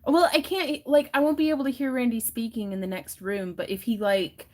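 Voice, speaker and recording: A woman's voice: a little high, steady tone, fairly quick, a little mellow. Giggly chatty woman crafting on a livestream. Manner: giggly, chatty, acts out little voices in her stories. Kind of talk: casual chat while wire wrapping.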